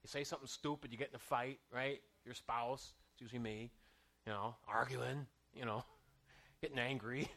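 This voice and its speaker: A man's voice: medium pitch, fairly even intonation, normal speed, creaky, a bit bright. A man preaching a sermon in a conversational, self-mocking way, often checking in with "right?" and drawing out scripture lines for emphasis.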